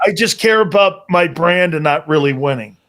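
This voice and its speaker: Excitable male co-host, high lively voice, swearing anecdotes. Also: normal speed. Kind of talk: casual sports talk.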